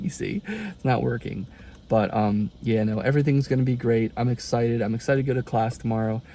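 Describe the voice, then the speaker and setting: A man's voice: mid-range voice, brisk, dark tone, a little hiss or hum. A young man, a college student, rambling in a casual confession vlog, exasperated and full of folksy turns of phrase.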